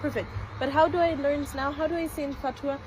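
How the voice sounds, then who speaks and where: A woman's voice: high-pitched, steady tone, fast, background noise. A young woman in her twenties vlogging outdoors on a Caribbean island, curiously repeating phrases back. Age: 20s. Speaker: travel vlogger.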